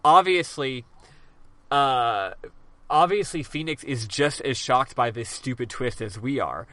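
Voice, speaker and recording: A man with a bright, forward voice chats loosely about a game he played. He rambles, swears freely and fills pauses with "um". The tone is conversational and unscripted. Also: medium pitch, no echo. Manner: rambling, profane, frequent "um"s. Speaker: podcast host. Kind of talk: casual chat recapping a game.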